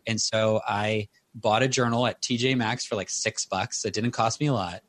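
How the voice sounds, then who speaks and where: A man in his thirties, a guest author on a podcast, telling personal stories in a casual, animated way. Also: normal speed. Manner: animated storyteller, rises in pitch for quotes. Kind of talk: casual interview storytelling.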